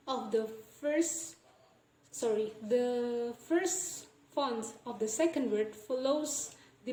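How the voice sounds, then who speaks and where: A woman's voice: on the high side, dark tone. A young woman student explaining a linguistics lesson in a hesitant, self-correcting way. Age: young adult. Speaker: student presenter. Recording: echoey room with faint noise.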